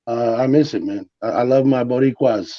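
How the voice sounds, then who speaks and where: A man's voice: mid-range voice, moderate pace, muffled recording. A man from South Tampa co-hosting a casual sports podcast, brash and emphatic, swearing freely.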